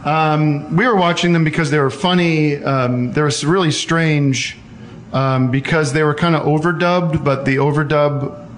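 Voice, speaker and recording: A man's voice: fairly high pitch, steady tone, normal speed. A man hosting a casual call-in show, rambling and joking with many fillers and restarts. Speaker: host taking listener calls.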